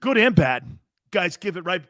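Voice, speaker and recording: Middle-aged man, sports talk host, brash, opinionated, lively pitch, dry sound. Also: no echo. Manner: brash and animated, quick to laugh.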